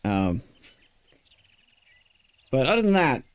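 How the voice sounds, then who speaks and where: Male game streamer, Swedish native, American-sounding accent, mid pitch, casual and frank, stumbles and restarts often. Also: sing-song, slow pace, clean tone. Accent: American-sounding English. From Sweden. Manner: chatty and frank, frequent stammered restarts. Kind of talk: casual live-stream chat while gaming.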